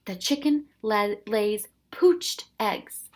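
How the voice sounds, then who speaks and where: A woman's voice: mid-range voice, animated, takes it slowly, husky. A woman doing a jolly old professor. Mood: jovial. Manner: jovial, coaxing, loud exclamations. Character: cheerful elderly male professor, joke-loving captain.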